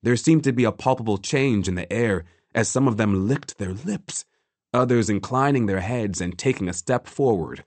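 A man narrating a work of fiction in a measured, deliberate way. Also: lowish voice, no room sound. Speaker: audiobook narrator.

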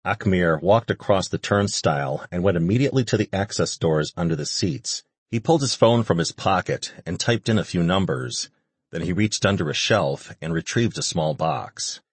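A man reading an audiobook as narrator, in a steady, measured way. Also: low-pitched, slightly rough, no room sound. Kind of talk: scripted narration.

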